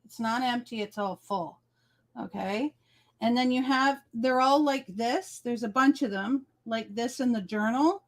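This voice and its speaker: A woman's voice: fairly high pitch, measured pace. A woman co-hosting a casual crafting livestream over a video call. She explains things step by step and keeps checking "okay?". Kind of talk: casual chat.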